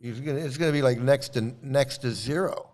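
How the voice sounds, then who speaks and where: A man's voice: mid-range voice, fairly quick, darkish tone. A man delivering a rambling, sarcastic commentary rant as an online commentator.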